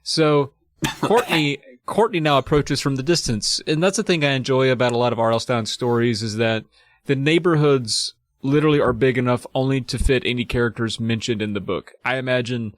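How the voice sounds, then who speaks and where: A man's voice: mid-range voice, brisk, dry recording, studio quality. A man co-hosting a podcast, casually recapping a children's book, swearing and acting out the characters. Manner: laid-back, swears, acts out characters. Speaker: podcast co-host.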